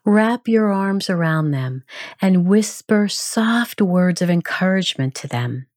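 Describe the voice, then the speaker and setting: A woman narrating a grief support guide in a calm, measured, gentle instructional manner. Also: on the low side, dry recording, studio quality.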